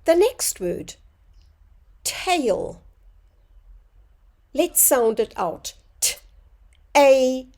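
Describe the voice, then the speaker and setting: A woman teaching a phonics lesson to young children, sounding out words slowly and clearly. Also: sits high, very animated, darkish tone.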